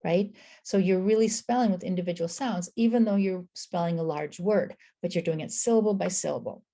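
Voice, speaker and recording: Woman, reading lesson, mellow tone, slight fry, patient sounding-out, encouraging. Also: lowish voice. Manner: sounds out words slowly, segmenting phonemes; encouraging, affirms with "I agree" and "excellent". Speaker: reading tutor. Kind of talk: instructional explanation.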